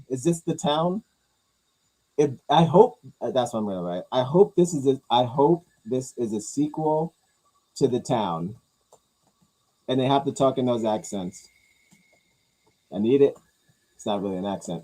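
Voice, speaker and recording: A man hosting a casual talk, rambling through movie news with crude jokes and mumbled low asides. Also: animated, normal speed, dark tone, breathy edge, rough recording. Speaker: host reacting to movie news. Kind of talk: casual chat.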